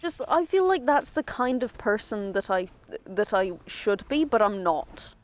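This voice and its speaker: A woman's voice: mid-range voice, sing-song, a little slow, faint music behind. A woman streaming a video game, chatting casually in a rambling, self-interrupting way and laughing often.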